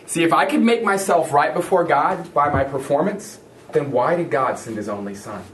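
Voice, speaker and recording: A man preaching a sermon as a pastor, telling a story with lively acted-out voices of others. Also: a little high, moderate pace, a little hiss or hum. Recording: echoey room from a distance.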